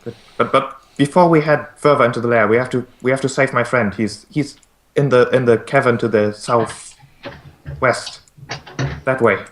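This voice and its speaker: A man voicing a small, eager female creature who repeats words as she rushes ahead. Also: mid-range voice, lightly acted. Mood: brisk. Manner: stammering repeats.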